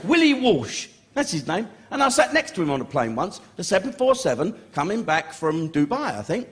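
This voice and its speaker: A male comedian does stand-up in a chatty, sweary manner and slips into acted-out scenes. His voice sits a little high and swings widely up and down. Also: big pitch swings, moderate pace, a bit bright. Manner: sweary, conversational, acts out scenes. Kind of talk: stand-up routine.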